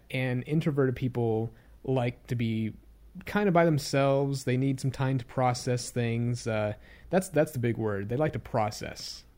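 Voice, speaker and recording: A young man with a mellow, medium-pitched voice talks casually to his own YouTube channel in a reflective vlog monologue. He rambles and hesitates, often restarting sentences, and comes across as candid and self-critical.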